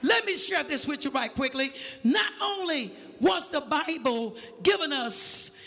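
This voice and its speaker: A man preaching a sermon, calling for a witness, shouting and half-singing his lines in an echoey church. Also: very high-pitched, lively intonation, measured pace, vocal fry.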